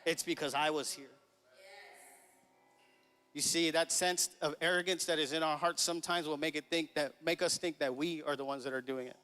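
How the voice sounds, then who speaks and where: A man's voice: fairly high pitch, fairly even intonation, fast, few pauses, pushed and bright, clean tone, faint music behind. A man in his thirties preaching a sermon, telling a family story in a casual, chuckling way and acting out the dialogue. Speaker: pastor. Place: church sanctuary. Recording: long reverb of a church hall.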